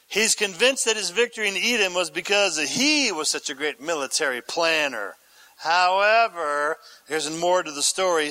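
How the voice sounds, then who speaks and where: Captured on a rough recording, a pastor with a high-pitched, pushed and bright voice delivers an expository sermon. He reads scripture aloud, then asks his listeners questions in a conversational manner.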